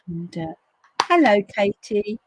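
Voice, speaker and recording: A woman hosting a live crafting stream, chatting casually and acting out quotes in a lively way. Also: slow, noisy background. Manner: chatty storyteller, acts out quotes with big pitch jumps. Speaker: crafting livestream host. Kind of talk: casual chat to live viewers.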